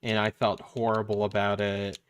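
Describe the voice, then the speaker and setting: A man's voice: fairly low pitch, completely flat delivery, normal speed, a little hiss or hum. A man streaming, chatting casually and telling a long story, acting out what others said, with lots of fillers. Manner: rambling storyteller acting out quotes, many fillers. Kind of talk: casual chat.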